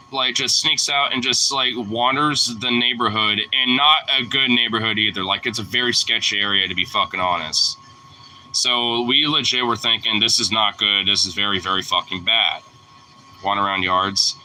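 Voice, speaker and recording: A young man tells a story in a loose, rambling way, swearing often and leaning on filler words. His voice is a little low, and it sounds bright and forceful. A faint noise runs behind him. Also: poor audio. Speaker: vlogger. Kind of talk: casual storytelling.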